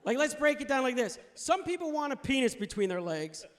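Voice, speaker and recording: A man's voice: extremely high pitch, big pitch swings, brisk. A man performing a stand-up comedy set on stage, laughing at his own jokes and acting out the voices of people he quotes. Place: comedy club stage with audience. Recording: audience laughter and noise in room.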